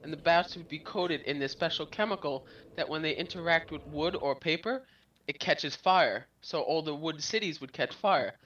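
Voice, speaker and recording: Bright-voiced man on a distant, dull mic. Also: on the high side, normal speed. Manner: jokey storyteller who acts out voices. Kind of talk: casual chat while gaming.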